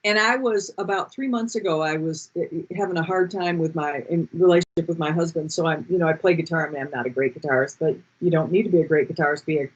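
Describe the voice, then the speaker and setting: A husky, fairly low-voiced woman talks on a video call, chatty and animated, restarting her sentences as she goes. The audio is dull and lo-fi. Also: fast talker, hardly any pauses. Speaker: guest speaker. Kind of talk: casual storytelling on a video call.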